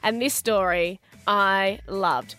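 A woman's voice: mid-range voice, slow, sharp tone, clear, resonant tone, soft background music. A woman co-hosting a radio show, bantering playfully and telling stories with giggles. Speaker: radio co-host. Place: radio studio.

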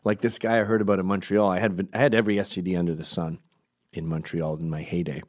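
A man's voice: low voice, little pitch movement, fast, a little mellow. A man rambling through a crude, digressive comic monologue, often breaking off to correct himself. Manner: crude, digressive, self-interrupting.

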